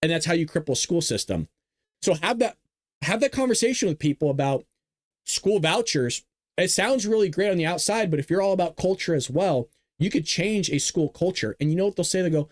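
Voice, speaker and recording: Hosting a live news commentary show, a man with a slightly high, expressive voice rants emphatically and with strong opinions at a moderate pace, restarting and repeating his points. The recording is close and dry, with no room sound.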